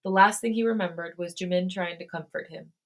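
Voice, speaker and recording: A woman's voice: fairly low pitch, fairly quick. Woman podcast host reading fan fiction.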